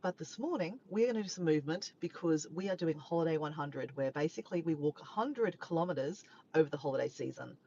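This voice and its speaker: A woman's voice: low voice, lively intonation, quick pace, hardly any pauses, mellow, muffled recording, a little hiss or hum. A woman with an Australian accent, chatting casually to a live stream from her parked car, rambling and tripping over her words. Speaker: vlogger.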